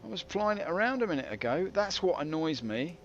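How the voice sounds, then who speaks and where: A man's voice: fairly high pitch, big pitch swings, fairly quick. A British man giving wry, rambling commentary while streaming a game. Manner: wry, rambling, self-mocking. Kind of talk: casual livestream commentary. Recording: dull lo-fi with faint hiss.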